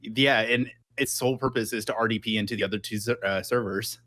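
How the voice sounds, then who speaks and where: A man on a tech podcast explaining things haltingly in casual chat. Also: lowish voice, fairly even intonation, bright, forceful tone. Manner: halting, many restarts. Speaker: podcast co-host.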